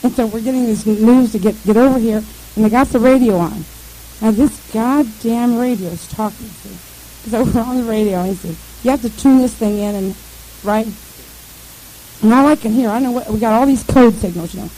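A woman's voice: on the high side, normal speed, warm tone, low-quality recording. A woman telling a rambling, profane story in casual conversation, mimicking radio chatter and noises along the way.

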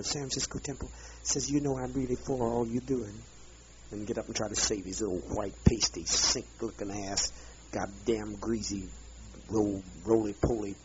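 A man's voice: fairly low pitch, a little hiss or hum. Bitter profane man ranting on old tape. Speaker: leader addressing a group. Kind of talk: angry profane rant. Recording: dull lo-fi archive tape.

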